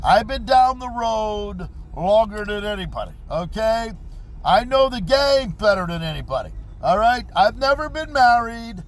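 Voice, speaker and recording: A man's voice: sits high, sing-song, a little slow. A man in his fifties hosting a live stream outdoors, talking in a brash, swaggering, repetitive way. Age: 50s. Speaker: livestream host. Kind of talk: boastful live-stream monologue.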